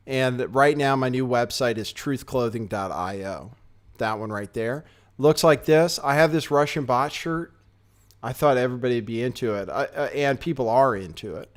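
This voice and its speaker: A man hosting a casual commentary show, talking in a sardonic, rambling way with offhand asides. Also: mid-range voice. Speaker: host. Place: home studio, California.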